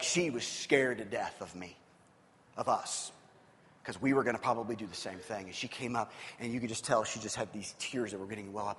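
A man preaching a sermon, telling a personal story in a conversational way with frequent restarts. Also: mid-range voice. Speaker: pastor. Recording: long hall reverb with soft guitar music.

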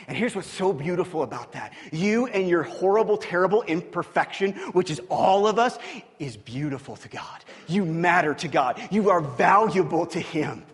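A man preaching a sermon as pastor, telling stories with animated swings from hushed to loud. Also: fairly high pitch, normal speed, in a large hall.

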